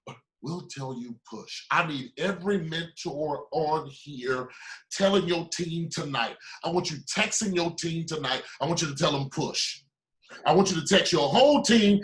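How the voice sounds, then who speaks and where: High-pitched guy doing a preachy motivational mentor talk, keeps repeating, loud then quiet. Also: lively intonation, moderate pace. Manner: preachy, repetitive, swings between loud urging and low asides. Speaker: business mentor. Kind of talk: motivational speech.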